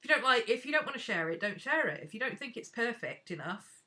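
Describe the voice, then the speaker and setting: A woman's voice: fairly high pitch, big pitch swings, fast, sharp tone. A woman chatting frankly and casually to her viewers while she works on a craft live stream.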